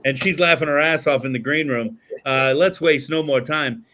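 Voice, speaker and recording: A man's voice: on the high side, moderate pace, pushed and bright. A man hosting a podcast in casual chat, rambling and swearing freely, with lots of fillers and restarts. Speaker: podcast host.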